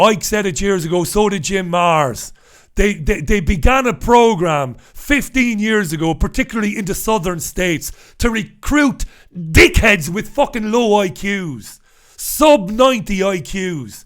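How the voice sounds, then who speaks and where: A man delivering heated solo commentary on the news, ranting and swearing, often breaking into shouts. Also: sits high. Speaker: commentator reviewing newspapers.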